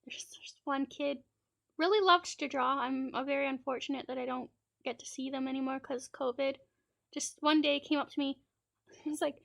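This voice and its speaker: A woman's voice: high voice, steady tone, moderate pace, vocal fry, fairly bright tone. A woman streamer from Canada telling rambling, laughing anecdotes in a casual chat and acting out children's lines.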